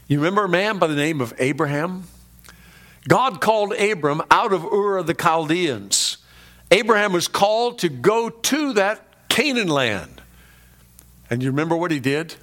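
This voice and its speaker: A man preaching a sermon, emphatic and conversational, swinging from rising peaks to low drops and speaking directly to his listeners. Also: animated, a little slow, fairly bright tone. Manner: conversational asides to the congregation. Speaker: pastor.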